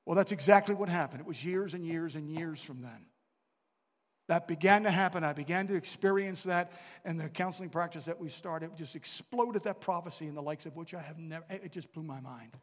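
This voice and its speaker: A man's voice: fairly high pitch, a little fast. A man preaching a sermon, telling stories and asking the congregation questions. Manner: storytelling, with asides and questions to the congregation. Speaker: pastor. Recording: long reverb of a large hall.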